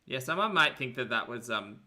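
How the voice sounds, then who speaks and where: Woman, livestream host, giggly and animated, bright clear voice. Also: extremely low pitch, fairly quick. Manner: giggly, animated, thanks super chats. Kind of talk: casual livestream chat.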